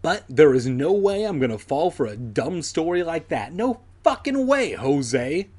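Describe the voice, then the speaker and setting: A mocking teenage boy who scoffs at his friends' story, played by a man reading the book aloud. He sounds husky and rises a little in pitch when he jeers. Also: lively intonation, measured pace, mellow. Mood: scoffing. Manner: sneering, disbelieving.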